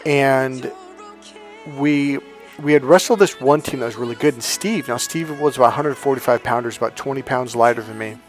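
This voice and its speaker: A man telling a personal story as a motivational coach, animated and swearing freely, acting out quoted dialogue loudly. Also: medium pitch, moderate pace, faint music behind. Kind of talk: casual storytelling monologue.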